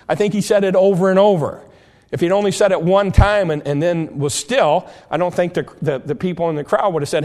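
Male preacher, fairly high voice, halting sermon delivery with frequent restarts. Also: a little mellow. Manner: repeats and restarts words, explaining scripture verse by verse.

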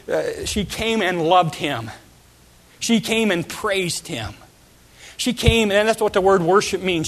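Earnest preacher man, slightly high voice. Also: fairly bright tone. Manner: repeats and restarts words often; earnest, emphatic delivery. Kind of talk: sermon.

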